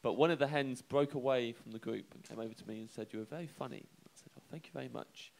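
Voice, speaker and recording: A young man telling a comic anecdote on a live show, halting and self-deprecating, chuckling between lines. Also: medium pitch, vocal fry, slight background noise. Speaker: comedian telling a story.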